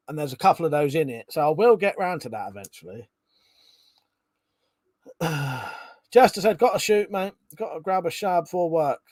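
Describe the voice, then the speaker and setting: A man's voice: a little high, warm tone, no echo. Chatty man on a live stream. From Britain. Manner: chatty, swears freely, reads out viewer comments. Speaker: livestream host. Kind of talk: casual live-stream chat.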